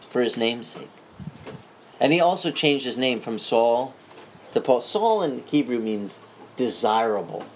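A man preaching a sermon, telling the story in a lively, joking way, with frequent restarts. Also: medium pitch, slight background noise, low-quality recording. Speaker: pastor.

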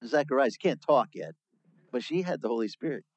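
A man preaching a sermon, teaching through a Bible passage in a lively, conversational way. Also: mid-range voice, fairly quick, no room sound, muffled recording. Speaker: pastor.

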